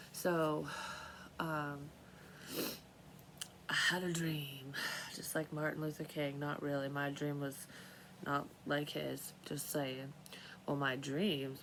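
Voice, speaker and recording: A woman with a low voice rambles through a casual tarot vlog. She is losing her voice and keeps clearing her throat. She swears freely and breaks off her sentences, with a faint background hum. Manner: rambling, profane, self-interrupting. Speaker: tarot reader vlogger.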